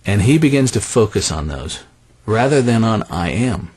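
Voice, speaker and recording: A man preaching a sermon in an animated, conversational way, dropping soft and low on key phrases. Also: normal speed, slightly rough.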